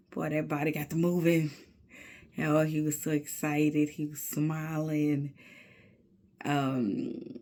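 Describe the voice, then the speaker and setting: A woman talking to her camera in a personal video journal, slow and reflective, often dropping into soft near-whispered asides between casual fillers. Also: low voice, flat delivery. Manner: casual, with many fillers and spiritual musing. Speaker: video diarist.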